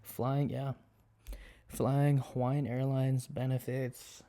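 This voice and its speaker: A man's voice: medium pitch, takes it slowly. A laid-back young man, a college student, chatting casually as a podcast guest. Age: young adult. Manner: laid-back, relaxed storytelling. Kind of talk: casual chat.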